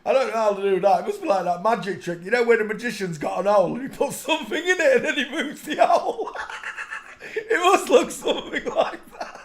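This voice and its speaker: A man's voice: very high voice, expressive, fairly quick. A man hosting a live stream, mocking photos he is looking at and often breaking into giggles. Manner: mocking, bursts into giggling laughter. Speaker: streaming channel host. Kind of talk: comedic live-stream commentary.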